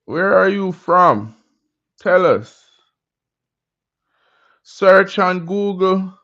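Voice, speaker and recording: Laid-back slow-talking man streaming. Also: high-pitched, expressive, a bit bright. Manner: laid-back, greets chat with Jamaican slang. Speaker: livestream host. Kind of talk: casual livestream chat with viewers. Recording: dull lo-fi stream audio.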